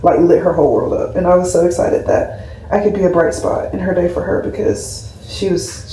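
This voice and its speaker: A young woman and nurse talks to her camera in a casual, rambling, heartfelt way, leaning on "like" as she goes. Her voice is mellow and soft-edged. It sounds roomy and a little distant, picked up by a camera sitting on a shelf. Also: mid-range voice, slight background noise. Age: 20s. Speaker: labor and delivery nurse, vlogger. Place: home room, camera on a skincare shelf. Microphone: camera mic at a distance.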